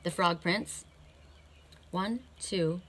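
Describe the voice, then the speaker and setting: A woman's voice: lowish voice, extremely slow, fairly bright tone, a little hiss or hum. A woman giving an oracle card reading in a casual, rambling way, often thinking aloud and tagging her points with a questioning "right?".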